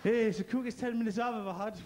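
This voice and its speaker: A man's voice: high voice, steady tone, very fast, darkish tone. A man from Gateshead with a Geordie accent doing a crude, punchy stand-up set and bantering with the crowd. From Gateshead, North East England. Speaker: stand-up comedian.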